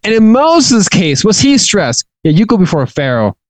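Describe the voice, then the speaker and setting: Chatty, halting male Bible teacher. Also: high voice, sing-song, no echo, rough recording. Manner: chatty, halting with frequent restarts and chuckles. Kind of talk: informal teaching talk.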